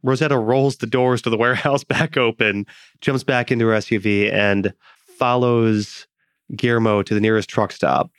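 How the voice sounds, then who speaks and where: A man narrating a tabletop game as game master, in a relaxed, descriptive way. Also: medium pitch, moderate pace, smooth, dry recording, studio quality. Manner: relaxed, descriptive, laughs easily.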